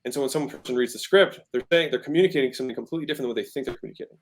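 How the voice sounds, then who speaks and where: Talking very fast in a mid-range voice, a thirtysomething man guests on a podcast, casually explaining sales. He's emphatic and keeps shifting his tone to land his points in this conversational lesson.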